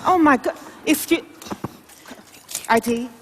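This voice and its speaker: A woman plays a check-in agent at an airline counter, her voice high and full of exclamations. She coaxes and preaches encouragement in a motivational comedy skit, and a long reverb hangs behind her. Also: slow pace, fairly bright tone, a little hiss or hum. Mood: flustered.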